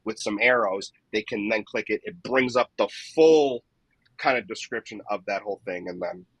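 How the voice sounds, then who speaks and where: Man, husky voice, dry close sound, podcast guest, explanatory, keeps asking right?. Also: fairly low pitch, fairly even intonation, moderate pace, a bit bright, no room sound, low-quality recording. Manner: explanatory, tags many points with "right?". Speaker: guest, dent repair technician. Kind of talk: casual podcast interview.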